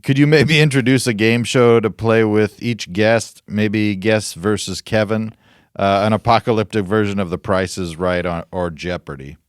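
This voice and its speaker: A man co-hosting a podcast, reading listener suggestions haltingly and chuckling at the jokes. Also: lowish voice, fairly even intonation, smooth, dry recording, studio quality. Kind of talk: casual chat, reading emails aloud. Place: podcast studio.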